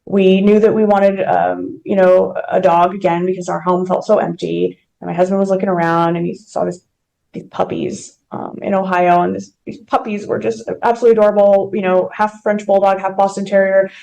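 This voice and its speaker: A woman's voice: mid-range voice, little pitch movement, a little fast, creaky, dark tone, poor audio. A woman being interviewed as a guest, earnestly telling a personal story with vivid detail. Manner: earnest, emotional, vivid retelling. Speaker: mortgage company president, podcast guest.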